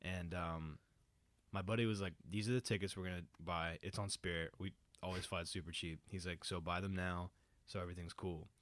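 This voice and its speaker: A man with a very low, deep voice tells a story on a podcast in loose, casual chat. He leans on "like" and "dude" constantly and gets animated as the story builds. The sound is close and dry. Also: fairly quick, dry recording. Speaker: podcast host.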